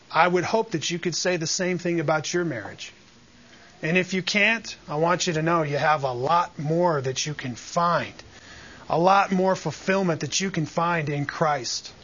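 A man's voice: a little high, fairly bright tone. A man teaching a Bible lesson to a church group, preaching and asking the room questions. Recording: dull lo-fi sound.

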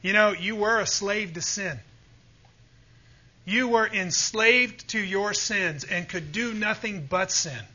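A man's voice: high-pitched, slow, sharp tone, husky, lo-fi sound. A man preaching a sermon with emphatic, fervent delivery, often calling out to his listeners for agreement. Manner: emphatic, rising to fervent peaks, asks the audience "Amen?".

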